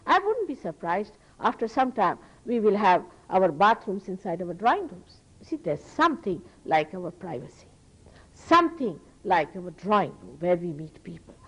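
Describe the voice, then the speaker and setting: A woman from India with an Indian accent, giving an earnest, emphatic spiritual lecture as a teacher to an audience, with pauses and restarts. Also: medium pitch, rough recording.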